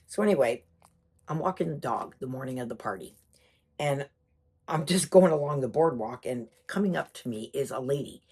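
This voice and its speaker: A woman telling a personal story in a chatty, emphatic, animated way. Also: extremely low pitch, normal speed, slightly rough.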